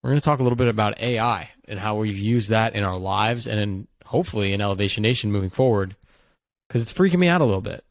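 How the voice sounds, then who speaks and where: A man's voice: on the low side, quick pace, no room sound. Playful young man co-hosting a podcast. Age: young adult. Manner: playful, makes silly robot beeps. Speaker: podcast co-host. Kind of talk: casual chat.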